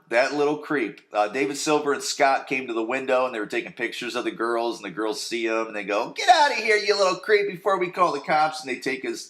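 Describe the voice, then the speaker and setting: A man's voice: mid-range voice, a bit bright. A man hosting a podcast, casually recapping a TV episode in a rambling, crude way and often checking in with "right?". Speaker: podcast host.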